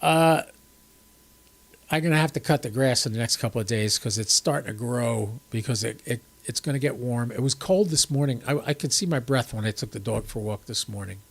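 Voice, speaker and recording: Seated on camera at home, a stuffy-sounding older man with a cold hosts a ham radio livestream, chatting loosely with viewers. His mid-range voice has vocal fry and moves at a slightly quick pace.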